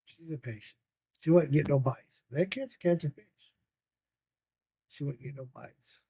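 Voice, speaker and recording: Profane laughing grandpa telling stories. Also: male voice, fairly high pitch, moderate pace, warm tone, slight background noise. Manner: profane, rambling, laughs often. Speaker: storyteller, grandfather. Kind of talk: casual storytelling.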